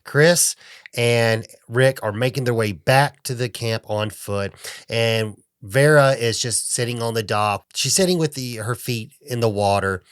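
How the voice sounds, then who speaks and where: A man's voice: medium pitch, measured pace, clean tone, no room sound, clean studio sound. A young man co-hosting a podcast, recapping a horror film in casual chat with lots of fillers and restarts. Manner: rambling, many fillers and restarts. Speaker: podcast co-host.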